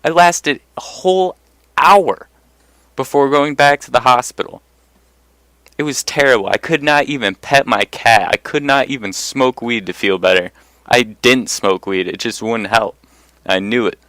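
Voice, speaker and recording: A man's voice: mid-range voice, measured pace, fairly bright tone, dry recording. A young man telling personal stories in a casual monologue, blunt and profane, getting worked up as he goes. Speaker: vlogger.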